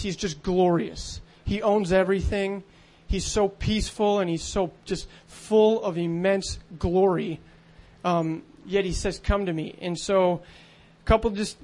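A man preaching a sermon in an earnest, conversational way, with frequent fillers. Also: high-pitched.

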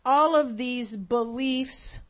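A woman's voice: high voice, extremely slow. A woman telling a faith story as a sermon, earnest and emphatic. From United States. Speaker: speaker.

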